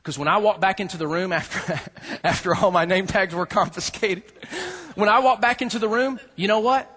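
A pastor with a high voice preaches at a moderate pace, spinning a funny personal story full of laughter and acted-out dialogue before he turns to scripture. He's an animated storyteller who laughs often.

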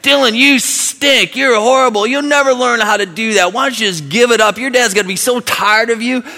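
A man voicing a cruel young boy bully who shouts taunts, heard with long hall reverb. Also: extremely high pitch, fairly quick, voice pushed up, heavily acted. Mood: taunting.

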